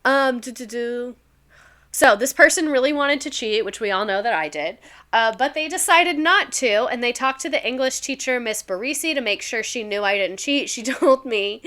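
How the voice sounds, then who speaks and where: A woman's voice: a little high, lively intonation, moderate pace, fairly bright tone. A young woman, a former teacher, chatting casually on a livestream, reading stories aloud, laughing often and swearing freely.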